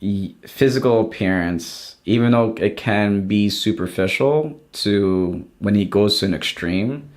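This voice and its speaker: A man's voice: lowish voice, a little slow, few pauses. A young adult man, a podcast guest, chatting casually and rambling with many restarts. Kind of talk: casual chat.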